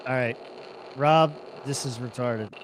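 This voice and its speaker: A man's voice: mid-range voice, slow pace, slight background noise, low-quality recording. A man co-hosting a casual podcast who teases the others and laughs often. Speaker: podcast co-host.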